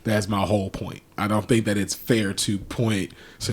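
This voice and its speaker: A man's voice: lowish voice, flat delivery, moderate pace. A man co-hosting a podcast in casual chat, rambling with many restarts and now and then a swear word. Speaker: podcast co-host.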